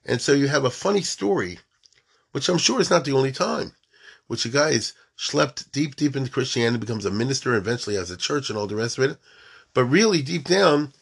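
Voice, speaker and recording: A man's voice: medium pitch, animated, fairly quick, creaky, husky. A man giving an informal storytelling lecture, mixing in Hebrew and Yiddish terms and often checking that his listeners follow.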